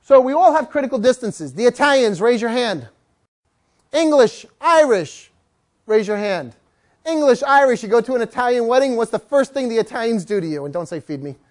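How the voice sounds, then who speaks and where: A woman dog trainer speaking to a room of people in a lively, joking way, slipping into quick voices for owners and dogs. Her pitch swings widely as she talks, rising and falling through each story. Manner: animated, jokey, acts out voices of people and dogs. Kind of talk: live talk to an audience.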